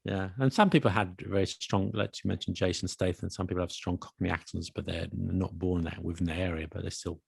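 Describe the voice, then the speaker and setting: A man's voice: sits low, steady tone, fairly quick, vocal fry, hardly any pauses, a little mellow, slightly rough, no echo, studio quality. A man co-hosting a podcast, explaining things with patient examples in casual chat. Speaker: podcast co-host. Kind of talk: casual chat about accents.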